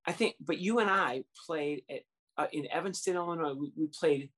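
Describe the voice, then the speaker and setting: A podcast co-host chatting in a relaxed, conversational way and laughing along. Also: mid-range voice, normal speed. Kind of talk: casual chat.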